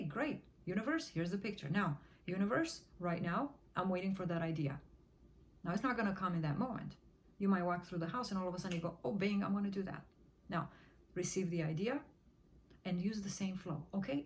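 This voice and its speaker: A woman's voice: on the low side, a little mellow. Woman teaching manifestation with chanted repetition. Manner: rhythmic repetition, drops to a whisper during affirmations. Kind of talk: motivational teaching talk.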